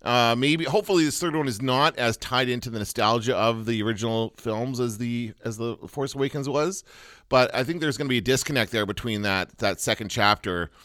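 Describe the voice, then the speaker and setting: A man's voice: mid-range voice, fairly quick, a bit bright, dry recording, studio quality. A man co-hosting a podcast, talking in a rambling casual way with many restarts and fillers. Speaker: podcast co-host. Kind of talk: casual chat.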